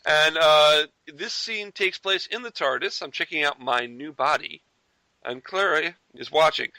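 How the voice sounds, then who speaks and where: An American man hosting a podcast, playful and lively, setting up scenes for the others. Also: a little high, unhurried, no echo. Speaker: podcast host. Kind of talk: casual chat.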